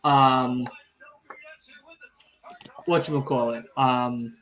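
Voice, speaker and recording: A young man hosts a casual wrestling watch-along podcast, excitedly telling stories, cursing freely, and poking fun at the chat. His voice sits in the mid range, and he draws out his words.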